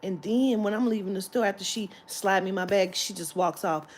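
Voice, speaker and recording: A woman's voice: medium pitch, normal speed, a little hiss or hum. A woman vlogger telling a story in a heated, profane rant that breaks into laughter.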